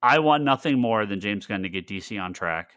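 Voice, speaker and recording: A man co-hosting a casual podcast chat, rambling and restarting his sentences with excitement. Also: on the low side, brisk, dry recording, clean studio sound. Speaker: podcast co-host.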